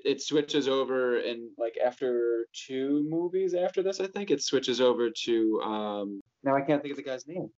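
A man's voice: medium pitch, lively intonation, normal speed, few pauses, darkish tone, highs cut off. A man chatting casually about movies, hesitant and teasing, with many fillers.

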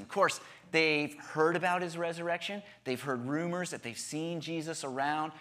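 A man's voice: fairly high pitch, a bit bright. Conversational male pastor preaching. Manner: conversational, repeats words, acts out voices. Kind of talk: sermon. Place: church.

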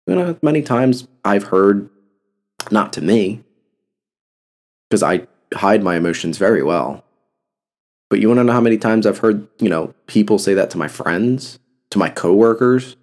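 A young man speaks on his own podcast with a low, gravelly voice. He talks bluntly and with feeling, cursing freely as he makes his point. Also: animated, normal speed, long pauses, a little mellow. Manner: blunt, heavy cursing, impassioned. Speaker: podcast host. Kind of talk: casual solo podcast talk.

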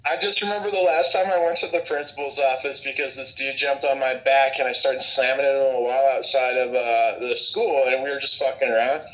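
A man's voice: mid-range voice, fairly even intonation, brisk, hardly any pauses, echoey room, low-quality recording. A man recounting school memories with friends, swearing freely and chuckling through the telling. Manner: profane, chuckling storyteller. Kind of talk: casual storytelling chat.

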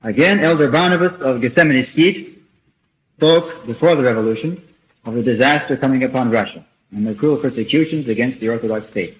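A man delivers a religious lecture in a steady, earnest voice, reading from prepared notes. His pitch sits in an ordinary middle range. He pauses now and then to clear his throat before the next passage. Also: low-quality recording. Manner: measured and earnest, reads quotations aloud.

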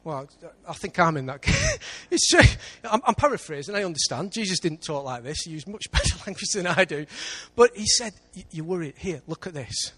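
A man with an English accent preaching a sermon in church, lively, with big swings between loud and quiet. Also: high-pitched, brisk, hardly any pauses, breathy edge. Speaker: pastor.

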